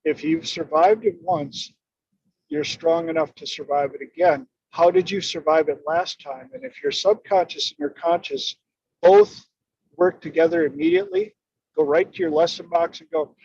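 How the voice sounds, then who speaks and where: Man, high and lively voice with a gravelly edge, unhurried, dull dry lo-fi audio. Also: no echo. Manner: emphatic, expressive. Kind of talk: storytelling in conversation.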